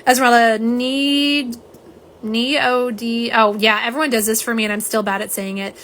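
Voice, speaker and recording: Speaking briskly in a high-leaning, fairly bright voice with flat delivery, she's heard over a slight hiss or hum. She runs a live nail polish stream, chatting easily with her audience as "y'all" and reading and replying to chat comments.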